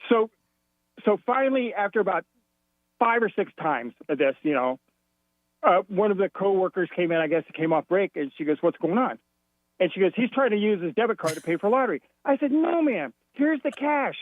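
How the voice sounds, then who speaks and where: On a radio call-in, a Florida caller recounts an argument, playing both people in lively fashion. He speaks a little fast in a high voice through a dry, tinny phone connection.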